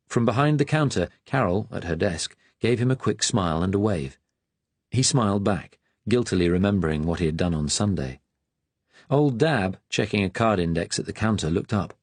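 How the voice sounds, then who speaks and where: A man reading an audiobook in a measured, even narrating manner. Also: sits low, breathy edge, no echo.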